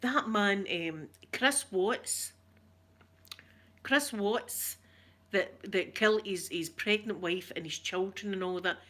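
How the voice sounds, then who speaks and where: Slow and slightly bright, her medium-pitched voice belongs to a middle-aged Scottish woman reading viewer comments as an ASMR livestreamer. She chats casually, rambles, laughs often and greets her live viewers by name.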